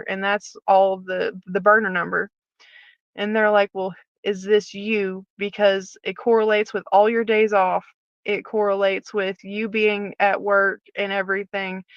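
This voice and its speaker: A woman's voice: mid-range voice, a bit bright, dry recording, lo-fi sound. A woman, a former prison officer, candidly telling her personal story as a guest and acting out the dialogue as she retells it.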